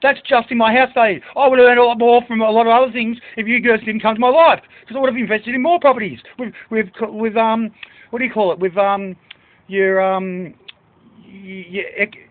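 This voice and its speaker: A man with a very high voice talks in an agitated, rambling way, swearing and listing book titles. The sound is thin and tinny, like a phone line. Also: steady tone, brisk. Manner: reads out list of book titles. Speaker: speaker addressing staff. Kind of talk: agitated monologue.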